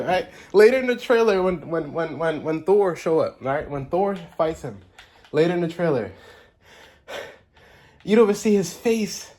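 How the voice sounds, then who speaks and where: A man talking casually as a trailer reaction vlogger, hyped and excitable, swinging between laughing outbursts and quieter musing. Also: high-pitched, moderate pace.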